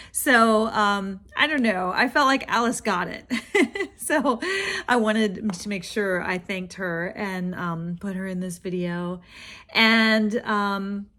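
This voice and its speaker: A woman hosting her own book channel, talking in a relaxed, chatty way. She rambles a little as she goes, pitched in the middle for a woman. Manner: chatty, rambling, warm praise of other creators. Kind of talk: casual chat.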